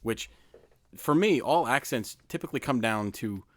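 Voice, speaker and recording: A man's voice: medium pitch, animated, normal speed, dry recording. A man co-hosting a podcast, easygoing and joking, often repeating words as he gets going. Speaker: podcast co-host. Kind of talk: casual chat.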